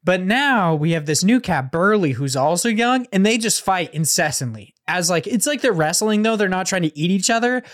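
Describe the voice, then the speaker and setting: A man's voice: high-pitched, animated, moderate pace, hardly any pauses. A man co-hosting a podcast, telling a rambling, profane story in casual chat. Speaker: podcast co-host.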